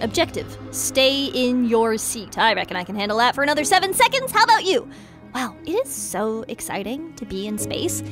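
A woman hosting a game playthrough, commentating in a bubbly, excitable, giggly way. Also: high-pitched. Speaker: gaming video host.

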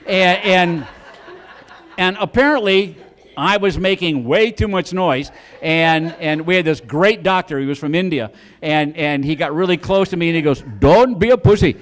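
A middle-aged man on a comedy club stage tells a long story in a fairly high voice. He rambles and repeats words, and he acts out the lines of the people in his story. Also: moderate pace, a bit bright. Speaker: stand-up comedian. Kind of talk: stand-up storytelling.

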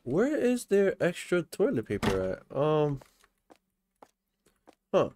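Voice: mid-range voice, huge pitch swings, slow, background noise. A young adult commentating live over a game, panicky, often repeating words over and over. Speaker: gameplay commentator.

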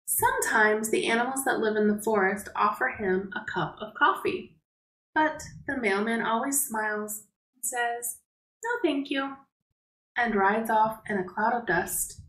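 Slow-reading teacher woman, roomy echo. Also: on the high side. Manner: gentle, explains words and asks children questions. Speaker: preschool teacher. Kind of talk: reading a picture book aloud to young children.

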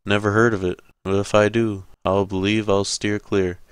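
A man's voice: on the low side, little pitch movement, normal speed, smooth, no echo, clean studio sound, close to an everyday voice. A man voicing a sardonic police officer who talks in a wry, offhand way.

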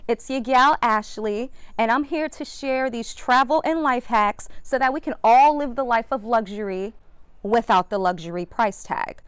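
A woman's voice: a little high, clear, resonant tone, no echo. A young American woman hosting a travel vlog outdoors, chatting to camera in a bubbly, slangy way and laughing often. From United States. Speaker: travel vlogger host. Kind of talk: casual vlog chat to camera. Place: outdoors on a sunny day.

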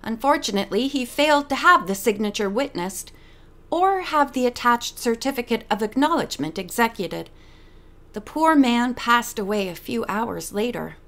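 A woman's voice: fairly high pitch, expressive, normal speed. A woman reading the part of a genial middle-aged male lawyer who teases his daughter, in an audiobook. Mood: explaining. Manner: teasing, gently joking.

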